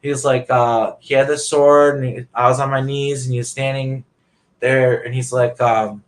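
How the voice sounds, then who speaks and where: A man's voice: medium pitch, flat delivery, moderate pace. A man, a guest on a talk show, ranting angrily in a rambling way, swearing and filling his talk with "like". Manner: agitated, profane, repeats "like". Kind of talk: rambling personal rant.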